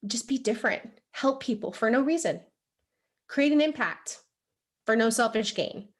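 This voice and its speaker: A young woman giving a motivational training talk to a live group, animated and chatty, full of "like" and "right?". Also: fairly high pitch, moderate pace. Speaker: sales team trainer. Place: room with a live audience.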